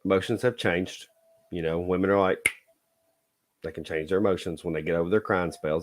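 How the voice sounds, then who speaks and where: A man's voice: sits low, fairly quick. A man telling a dating story in a blunt, folksy way, lecturing listeners with a repeated "okay?". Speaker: dating advice vlogger. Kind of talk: casual storytelling monologue.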